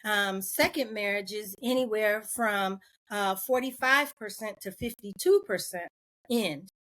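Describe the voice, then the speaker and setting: A woman as a podcast guest in candid conversation, animated, laughing often and acting out the voices of people she quotes. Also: medium pitch, a little slow.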